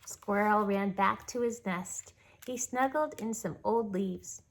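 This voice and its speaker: A woman reading a children's picture book aloud, gently and expressively. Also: medium pitch, slow.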